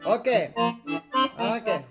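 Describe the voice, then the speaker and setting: Man, accordion teacher, high voice, non-native English, sings syllables to demonstrate, video call. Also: lively intonation, takes it slowly, faint music behind. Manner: explains with sung syllables to demonstrate phrasing. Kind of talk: live online master class.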